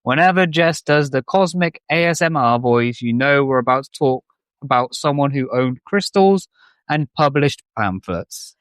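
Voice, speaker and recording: Smooth-voiced man, deadpan quips. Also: mid-range voice, moderate pace, dry recording. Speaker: podcast co-host. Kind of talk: comedic banter.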